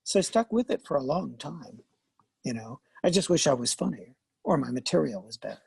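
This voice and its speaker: An older man with a gravelly, husky voice tells lively stories in a relaxed interview. He laughs often and slips into the voices of the people he quotes. The sound is dry and close. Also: mid-range voice, fairly quick, dry recording. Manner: animated, laughing, acts out quoted lines. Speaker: guest, veteran actor and voice artist. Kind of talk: casual interview storytelling.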